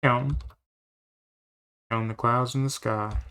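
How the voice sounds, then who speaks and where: A man's voice: medium pitch, steady tone, a little slow, bright, forceful tone, clear, resonant tone. A man voicing a lazy carefree cowboy. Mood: easygoing. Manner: laid-back, easygoing. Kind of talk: fan dub of a game.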